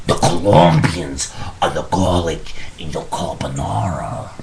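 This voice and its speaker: A man putting on a big, greedy mobster boss who loops through greetings and swears out menacing threats, in a comic webcam bit. He is slow and deep-voiced. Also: vocal fry, a little mellow, slight background noise. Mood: coaxing. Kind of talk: improvised comic monologue.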